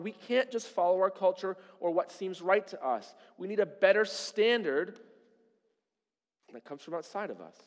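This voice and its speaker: Guy preaching in a big echoey church, high voice, chatty asides and questions to the crowd. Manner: conversational preaching with rhetorical questions. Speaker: pastor. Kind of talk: sermon.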